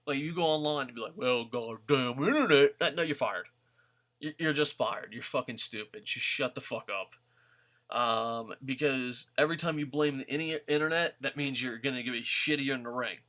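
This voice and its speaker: A man's voice: mid-range voice, normal speed, pushed and bright. A man ranting bluntly and profanely about wrestlers in a rambling vlog. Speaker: wrestling vlogger. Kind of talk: casual profane rant.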